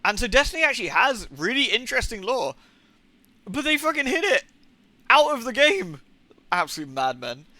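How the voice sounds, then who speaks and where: A man's voice: very high-pitched, big pitch swings, normal speed, pauses often, sharp tone, dry recording. A young adult man chatting casually on a live gaming stream, rambling and swearing, with rants of disbelief. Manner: rambling and profane, incredulous rants.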